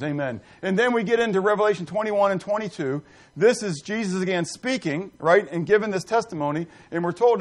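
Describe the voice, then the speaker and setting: A man's voice: sits high, sing-song, a little fast. A middle-aged man preaching a sermon, reading scripture and putting questions to the congregation with emphasis. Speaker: pastor.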